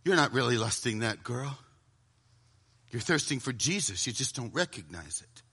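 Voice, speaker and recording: A middle-aged man preaching a sermon to a live audience, dramatic, often dropping to a hushed voice for emphasis and acting out inner voices. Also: medium pitch, very animated, moderate pace, slightly rough.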